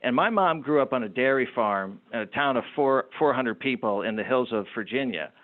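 An entrepreneur tells anecdotes in a lively, animated way, often restarting his sentences. His voice sits at a middle pitch. It comes through a thin, tinny, phone-like line. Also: a little fast. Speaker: entrepreneur guest. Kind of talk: storytelling interview talk.

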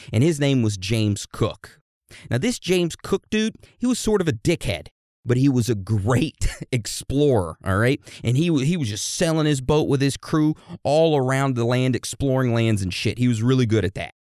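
In a clean, dry studio recording, a man with a medium, somewhat dark voice hosts a podcast about history. His delivery is casual, jokey and profane, and he lectures his co-host the way a teacher would.

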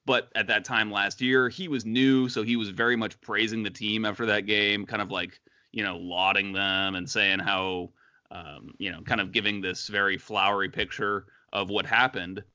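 A man's voice: fairly low pitch, steady tone, normal speed, pushed and bright, no room sound, muffled recording. A man co-hosting a casual sports podcast, chatty, with many fillers and restarts. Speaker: podcast co-host.

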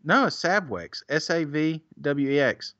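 A man's voice: on the high side, expressive, measured pace, a bit bright, dry recording, lo-fi sound. A man co-hosting a podcast, reading out listener reviews in a casual, teasing way and laughing often. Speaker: podcast co-host.

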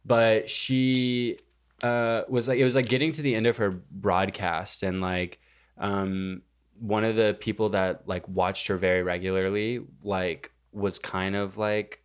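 A man's voice: on the low side, flat delivery, a little slow, smooth. A young man co-hosting a podcast, telling a story in hesitant, filler-laden casual chat. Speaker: podcast co-host.

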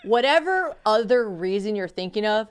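A woman's voice: medium pitch, lively intonation, normal speed, clean tone. Blunt, swearing young woman podcast host. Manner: blunt and emphatic, profane jokes. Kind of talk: casual chat.

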